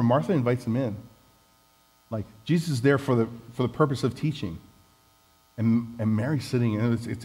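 A man's voice: medium pitch, mellow, breathy edge, low-quality recording. A man preaching a conversational sermon, candid and self-deprecating as he talks with the congregation.

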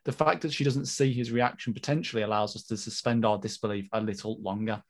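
A man co-hosting a podcast, reading listener mail in lively, casual chat. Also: on the low side, fast talker. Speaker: podcast co-host.

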